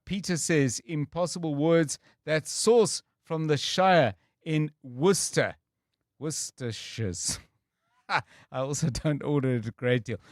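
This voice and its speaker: A man's voice: on the high side, no room sound, studio quality. A South African man hosting a talk radio show, conversational as he reads out listener messages. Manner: conversational, chuckles while reading listener messages. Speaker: radio host.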